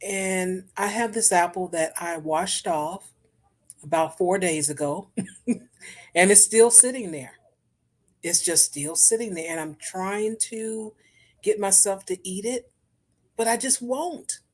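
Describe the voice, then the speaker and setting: A woman hosting a casual chat show, talking in a chatty, animated way with African American English and sudden leaps in pitch. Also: slow pace. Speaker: host.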